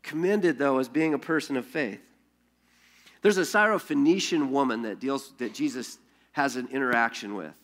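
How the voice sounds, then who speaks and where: A man preaching a sermon as pastor, telling stories in an animated way with rhetorical questions and frequent restarts. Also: mid-range voice, normal speed.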